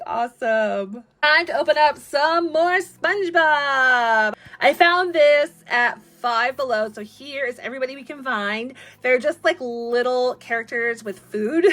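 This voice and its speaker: A young woman chatting excitedly through a toy unboxing, gushing and giggling often. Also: on the high side.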